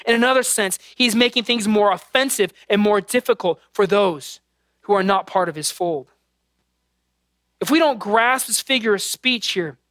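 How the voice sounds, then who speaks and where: A man's voice: high-pitched, a bit bright, dry recording, clean studio sound. A man in his thirties preaching a sermon, earnest and conversational, mixing scripture with personal family stories. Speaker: pastor.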